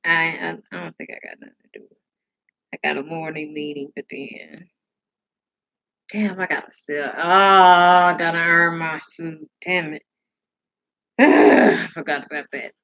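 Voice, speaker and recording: A woman's voice: low-pitched, steady tone, measured pace, long pauses, a bit bright, lo-fi sound. A sleepy woman hosting a casual live stream, rambling, laughing and answering comments from her chat.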